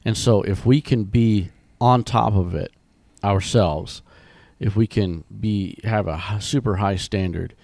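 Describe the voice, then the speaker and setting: A deep, warm man talks casually on a podcast, his voice worn down by a cold. He wanders through his points with fillers and restarts. The sound is dry and close. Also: a little slow, vocal fry, no echo. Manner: rambling, many restarts and fillers. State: sick, rough voice. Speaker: podcast co-host.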